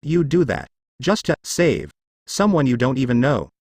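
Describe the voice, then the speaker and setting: A man's voice: mid-range voice, sing-song, normal speed, a little mellow, dry recording, studio quality. A man voicing a sadistic female fallen angel who taunts and teases. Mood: mocking. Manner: taunting, teasing delivery.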